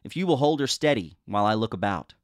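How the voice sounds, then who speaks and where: A man's voice: lowish voice, animated, fast, dry recording, lightly acted. A stern steamer captain barks orders through a storm, read aloud by a man. The voice is commanding and urgent in a storybook reading. The sound is dry and close.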